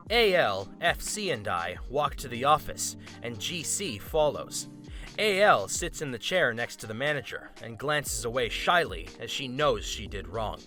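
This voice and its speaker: A man narrating an online story aloud in an expressive, steady way. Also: medium pitch, moderate pace, faint music behind.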